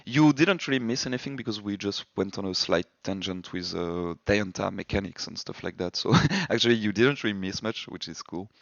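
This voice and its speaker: Gravelly low man, lo-fi call audio. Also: lively intonation, fairly quick, few pauses, a bit bright, no echo. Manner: hesitant, repeats words. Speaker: podcast host. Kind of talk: casual gaming discussion.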